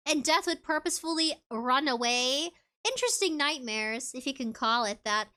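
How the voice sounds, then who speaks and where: A woman's voice: high-pitched, moderate pace, pushed and bright. A woman VTuber chatting casually on a livestream, reading viewer comments aloud in a bubbly, giggly way. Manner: bubbly and giggly, with frequent laughs. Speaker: VTuber streamer.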